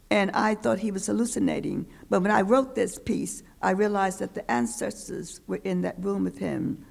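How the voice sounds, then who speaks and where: An older woman gives a poetry reading in a lecture hall. Her voice is deeply gravelly and fry-laden. She reads slowly and deliberately, leaning on the rhythm of each line. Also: steady tone, darkish tone. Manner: slow, deliberate, rhythmic delivery with pauses. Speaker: poet reading her work.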